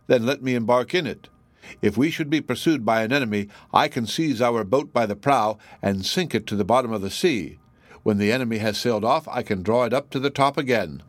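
A man's voice: mid-range voice, no room sound, lightly acted. A man voicing a confident young brother in a storybook reading, speaking matter-of-factly.

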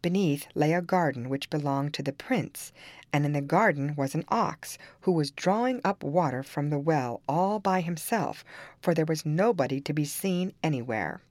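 A woman reading a fairy tale aloud in calm, even-paced storybook narration. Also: low-pitched, normal speed, no echo.

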